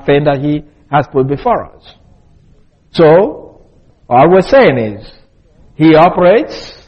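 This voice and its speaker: A male Bible teacher giving a deliberate expository lesson and spelling out Greek words letter by letter. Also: on the high side, breathy edge, dull audio.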